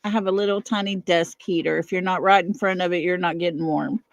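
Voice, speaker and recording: A woman's voice: on the low side, steady tone, fairly quick, no room sound. A middle-aged woman hosting a casual livestream from her home, chatting with viewers, laughing often and fussing over her dog. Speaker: livestream host. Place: at home, indoors.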